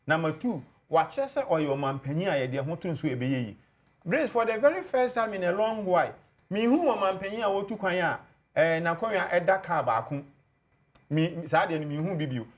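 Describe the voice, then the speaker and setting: A man with a Ghanaian accent speaks up on a televised political panel in a high voice. He sets out his case in numbered points, sounding assured. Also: animated, moderate pace. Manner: lays out points one by one, assured. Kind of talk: political debate on TV, mixing Twi and English.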